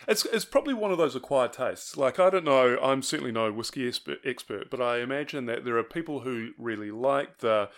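A man's voice: medium pitch, lively intonation, fairly quick, hardly any pauses. A man co-hosting a podcast, talking in an easygoing, teasing way with lots of restarts. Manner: easygoing, ribbing, hesitant restarts. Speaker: podcast co-host. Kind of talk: casual chat.

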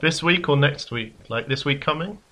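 A man co-hosting a casual chat, playful and quick to laugh. His voice is bright and sits a little high. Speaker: podcast co-host.

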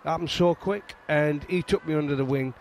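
A middle-aged Englishman with a Yorkshire accent, a former fast bowler appearing as a guest, tells stories in a casual chat. His voice is fairly high and his pace moderate, with a little hiss or hum on the recording. He's animated and often restarts his sentences.

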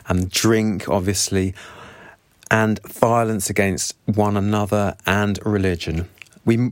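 Man, low voice, earnest book summary, dry close sound. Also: dry recording. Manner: earnest, sympathetic asides. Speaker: book reviewer.

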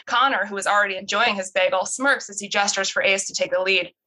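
Bright, forceful young woman reading a script. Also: medium pitch, steady tone, quick pace, low-quality recording. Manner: awkward, self-interrupting reading with laughs. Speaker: writer reading her script. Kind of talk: casual script read-through.

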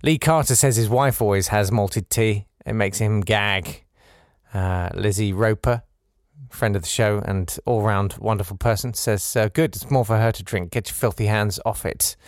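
A man's voice: on the low side, normal speed, dry recording, clean studio sound. A man hosting a podcast, reading out listener messages with wry, sarcastic asides and mock exasperation. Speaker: podcast host.

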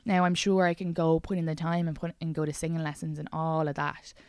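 An Irish woman talks alone into a podcast microphone, rambling from one tangent to the next with plenty of swearing and jokes at her own expense. Her voice is lowish and smooth, close and dry with no room sound. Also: level tone, fairly quick, a little mellow, dry recording. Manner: chatty, rambling, frequent swearing and self-deprecating asides. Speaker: podcast host and stand-up comedian. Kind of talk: casual solo podcast monologue. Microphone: studio podcast microphone.

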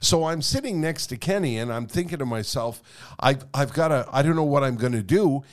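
Brief: lively male podcast co-host, a storyteller who laughs through his lines, with a wide-ranging voice. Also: mid-range voice, brisk. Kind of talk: casual storytelling chat.

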